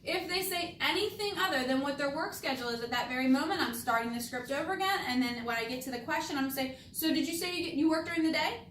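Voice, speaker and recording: A high-voiced woman coaching salespeople, rolling through phone scripts and leaning hard on the words she wants heard. She sounds a little distant from the mic, in an echoey room. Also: fairly bright tone, a little hiss or hum. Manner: emphatic, stresses key words on purpose. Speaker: insurance sales trainer. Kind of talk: training talk with demonstrated phone scripts.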